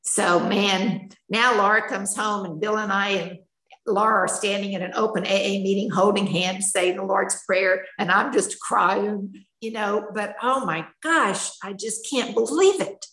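A woman's voice: medium pitch, fairly even intonation, a little slow, pushed and bright, reverberant, rough recording. An older woman telling her personal story at a recovery meeting, candid and emotional, in a chatty storytelling manner. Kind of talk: personal testimony.

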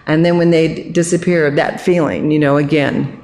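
A woman's voice: deep voice, fairly even intonation, normal speed, darkish tone. An older woman gives a personal recovery testimony to a support group. She tells it with humor and animation, slipping into the voices of the people she quotes. A faint hum sits behind her voice. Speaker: recovery meeting speaker.

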